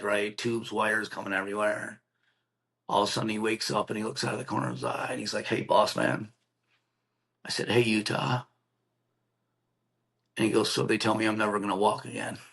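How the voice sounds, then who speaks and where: A man's voice: lowish voice, fairly bright tone. A middle-aged man, a podcast guest, telling an emotional personal story in a plainspoken, earnest way, acting out the voices of the people in it. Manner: acts out quoted dialogue, earnest and plainspoken.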